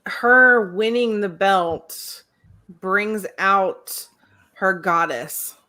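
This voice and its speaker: Woman, bright and forceful, casual thinking-aloud talker. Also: medium pitch, extremely slow. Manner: thinks aloud at length, laughs often. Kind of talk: casual chat.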